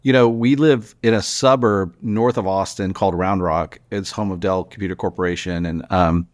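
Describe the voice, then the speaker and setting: Businessman in his forties, chatty and animated storyteller, podcast guest. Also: low-pitched. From Texas. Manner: animated storyteller, quick restarts. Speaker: guest, news publisher founder. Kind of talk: casual interview storytelling.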